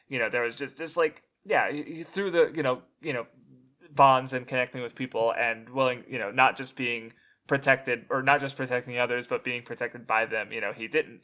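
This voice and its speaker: A male guest in a casual discussion, talking haltingly with many fillers and restarts. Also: mid-range voice, pushed and bright.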